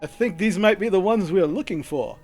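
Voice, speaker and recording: A man's voice: high-pitched, expressive, fairly quick, a little mellow, soft background music. A man doing a hearty chuckling human. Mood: jovial. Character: jovial mustached human man, amused. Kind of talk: tabletop role-play voice.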